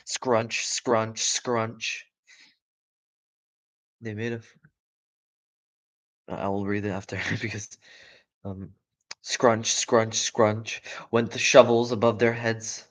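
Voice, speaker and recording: A man's voice: fairly low pitch, flat delivery, slow pace, pauses often, fairly bright tone. A man giving a live audiobook reading of a children's story, breaking off into chatty, casual asides and correcting his own slips.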